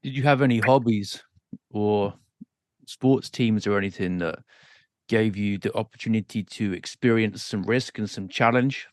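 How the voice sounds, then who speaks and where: Male host, low voice, calm questioning, dry sound. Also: normal speed, dry recording. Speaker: interviewer. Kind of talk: interview questions.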